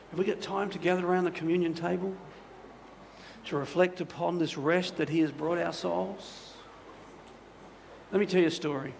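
A male pastor delivers a sermon in a chatty storytelling manner, tossing in frequent asides to the congregation. His voice sits a little high for a man and carries a gravelly texture, with a faint hiss underneath. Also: moderate pace. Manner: conversational, many "you know" asides.

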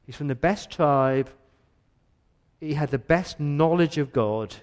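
A man's voice: fairly high pitch, takes it slowly, a little mellow. A male pastor preaching an earnest, emphatic sermon in a church, often repeating words as he builds his point.

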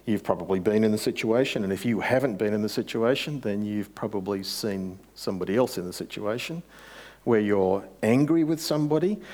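A man's voice: medium pitch, a little mellow. A man preaching a sermon as pastor, conversational, with rhetorical questions and rising emphasis.

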